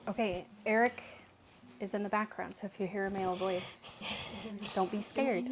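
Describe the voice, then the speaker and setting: A woman antique dealer chatting casually to camera while she unboxes her finds, with frequent laughs and quick asides. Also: mid-range voice, background noise. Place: home, indoors.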